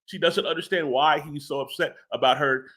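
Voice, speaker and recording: A man's voice: a little high, fairly even intonation, brisk, a bit bright. A man talking as a guest in a casual interview, rambling and stammering with repeated words and laughs. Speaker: comic book writer interviewed as guest.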